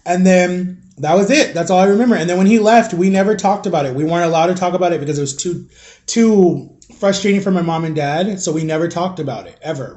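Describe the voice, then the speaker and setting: Mellow-voiced man chatting casually to his viewers. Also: high-pitched. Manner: rambling, filler-heavy, confiding. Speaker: vlogger. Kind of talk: casual storytelling vlog.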